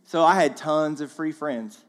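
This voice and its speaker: A man giving a sermon as a guest speaker in a church, in an animated, casual way with slang, acting out the voices in the story. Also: a little high, a little slow, big-room sound. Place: church auditorium.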